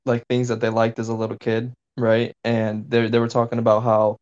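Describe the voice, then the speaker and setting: A man's voice: medium pitch, monotone, moderate pace, a little mellow, clean tone. A man hosting a podcast in casual chat, laid-back, swearing casually and filling with "you know". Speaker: podcast host. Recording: dull lo-fi sound.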